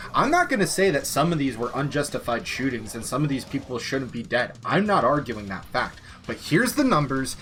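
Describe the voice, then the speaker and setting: A man's voice: fairly high pitch, a bit bright. A young American man ranting profanely on a political commentary stream. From United States.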